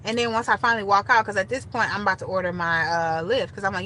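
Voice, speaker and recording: Bright-voiced young woman telling a story. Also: medium pitch, fast talker, a little hiss or hum, low-quality recording. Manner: animated, talks straight to viewers. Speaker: storytime vlogger. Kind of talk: casual storytelling to camera.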